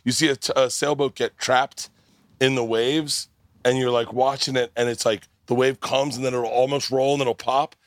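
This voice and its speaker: A man hosting a casual comedy podcast recorded live at a festival, telling animated stories and swearing freely. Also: medium pitch, moderate pace, no room sound. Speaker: podcast host.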